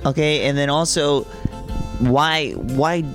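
Man hosting a podcast in halting casual chat. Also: fairly high pitch, faint music behind. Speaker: podcast co-host.

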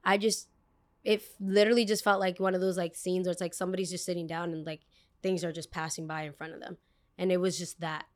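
Rambling, expressive woman podcast host. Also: lowish voice, fast talker. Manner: rambling, expressive, swears casually. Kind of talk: casual storytelling podcast.

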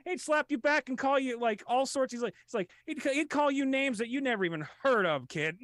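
A young man riffing through improvised comedy banter as a podcast guest, laughing often and stammering through quick restarts and impressions. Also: very high voice, animated, a bit bright, no echo.

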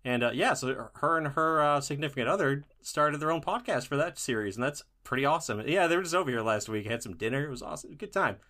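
A cheerful man chatting as a podcast co-host. He keeps things light and breaks into laughter often, in a relaxed and casual way. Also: fairly high pitch, quick pace, few pauses. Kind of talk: casual chat.

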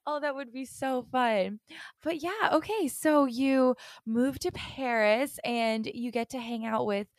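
An American woman hosts a casual interview with bubbly enthusiasm, and her reactions are eager and excited. Her voice is fairly high. The sound is close and dry. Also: measured pace, no echo. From United States. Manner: bubbly, enthusiastic, gasps and laughs. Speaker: interviewer, host.

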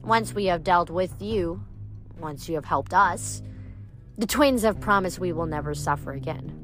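A woman reading aloud, voicing a bitter, vengeful ancient female water nymph in a slow, menacing way. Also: lowish voice, a bit bright, faint music behind.

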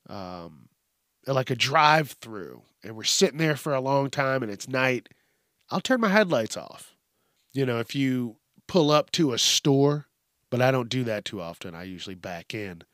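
This man's mid-range voice swings widely in pitch at a measured pace, sounding a bit bright on a dry, studio-quality recording. He hosts a casual news podcast from a home studio, speaking at a mic on a stand while he rambles, curses, and fills gaps with lots of fillers.

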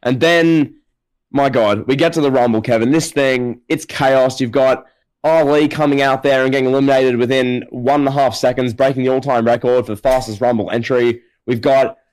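A man's voice: medium pitch, moderate pace, low-quality recording. Man telling a wild story on a podcast. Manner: animated, hyperbolic storytelling. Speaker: podcast co-host. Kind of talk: casual podcast chat.

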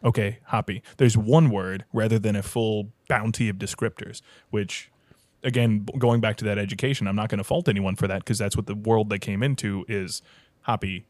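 A man's voice: on the low side, fairly even intonation, moderate pace, a little mellow, dry recording. A man, a head brewer and podcast guest, talking shop in a rambling, technical, think-aloud way. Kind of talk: casual chat.

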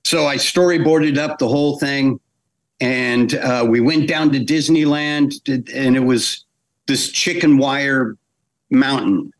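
An animator appearing as a guest in a casual interview shares behind-the-scenes anecdotes, speaking slowly in a medium-pitched voice. He tells them in an animated way, acting out quotes and frequently restarting phrases.

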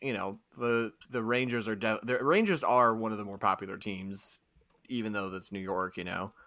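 A man's voice: fairly low pitch, normal speed, bright, forceful tone, no room sound. A man hosting a casual hockey podcast, teasing the others and running the draft. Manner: teasing, swears, runs the draft. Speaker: podcast host.

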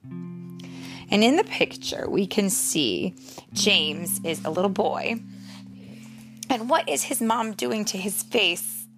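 A young mother reading a picture book aloud to her child, expressive and slow, sometimes dropping into a whisper. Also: medium pitch. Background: soft guitar music.

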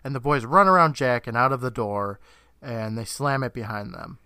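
A man co-hosting a podcast, casually recapping a TV episode with frequent laughter, swearing and quick impressions of the characters. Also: medium pitch, creaky, bright, forceful tone, clean tone, no echo, studio quality. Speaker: podcast co-host.

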